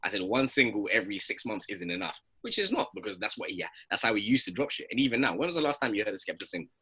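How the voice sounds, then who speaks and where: A man co-hosting a casual podcast chat, animated and full of slang and swearing. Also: medium pitch, racing, vocal fry, husky, rough recording. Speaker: podcast co-host.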